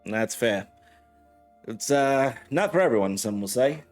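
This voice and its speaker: A man's voice: medium pitch, lively intonation, unhurried, darkish tone, faint music behind. A man playing a character in a tabletop role-playing game, speaking formally and evasively. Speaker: player.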